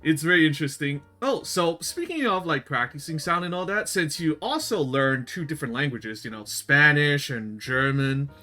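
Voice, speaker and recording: A man's voice: fairly high pitch, lively intonation, normal speed, hardly any pauses, pushed and bright, faint music behind. A man hosting a casual chat show in English, which is not his first language, laughing often between words. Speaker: show host.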